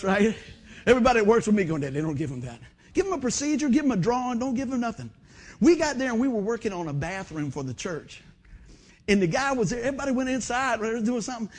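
Preacher guy, kinda high husky voice, folksy storytelling. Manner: folksy storytelling, fillers like "man". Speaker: pastor. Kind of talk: sermon.

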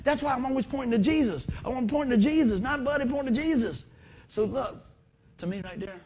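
A man preaching a sermon in a folksy storytelling manner, swinging from loud bursts to quiet asides. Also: extremely high pitch, a little fast, slight background noise. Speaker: pastor.

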